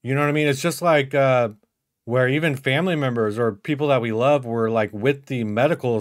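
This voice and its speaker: A man hosting an online panel discussion, talking bluntly and rambling with many fillers. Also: mid-range voice. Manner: blunt, rambling, lots of "like" and "you know what I mean".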